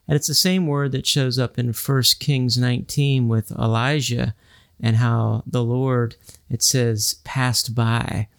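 Male podcast co-host, gravelly voice, dry close sound, unpacks scripture at length. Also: mid-range voice, fairly even intonation, slow, dry recording. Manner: explanatory, quotes scripture at length. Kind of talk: casual Bible study discussion.

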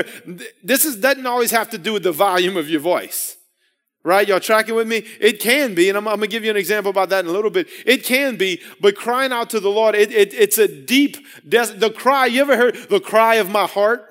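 A man's voice: sits high, fairly quick, a bit bright. A man preaching a sermon in an earnest way, often repeating and restarting his phrases and building to emphatic raised passages.

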